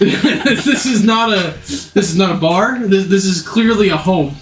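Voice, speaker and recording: A man's voice: high voice, lively intonation, measured pace. Rambling game-master man, echoey room. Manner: rambling with restarts and laughs. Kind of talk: narrating a tabletop game. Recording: echoey room, faint music.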